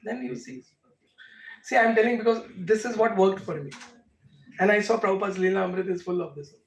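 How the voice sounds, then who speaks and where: A man's voice: high voice, steady tone, fairly quick, creaky. A man with an Indian accent teaching a devotional class, answering questions emphatically with rhetorical questions. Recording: echoey room, mic far off.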